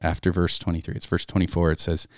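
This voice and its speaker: A man co-hosting a faith podcast, speaking in a reflective, measured way. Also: low-pitched, completely flat delivery, a little mellow, no room sound, clean studio sound. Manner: reflective, measured, quotes scripture. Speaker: podcast co-host. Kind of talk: casual faith discussion.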